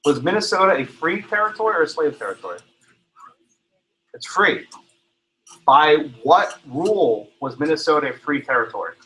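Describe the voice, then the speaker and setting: A man's voice: fairly high pitch, sing-song, normal speed, pauses often, fairly bright tone, a little hiss or hum, low-quality recording. A man teaching a law class in a classroom, calling on students by name and tagging his points with "right?" and "okay?". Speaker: law professor. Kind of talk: Socratic classroom lecture.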